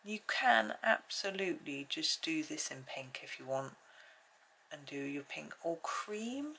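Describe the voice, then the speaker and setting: A woman's voice: low voice, expressive, measured pace, creaky, sharp tone, slight background noise. A woman hosting a colouring channel at home, chatting and thinking aloud as she works through a casual tutorial.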